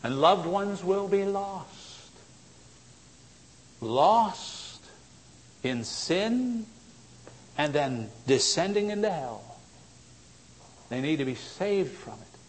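A man preaching a sermon, swinging from loud exhortation to low, intense tones. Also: very animated, drawn-out words, long pauses, husky. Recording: long hall reverb.

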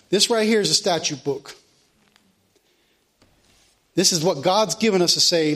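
Fervent middle-aged preacher, high-pitched man, reads Scripture loud, pleads softly. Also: moderate pace, pauses often. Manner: fervent, swings from loud reading to soft earnest pleading. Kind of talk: sermon. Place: church sanctuary.

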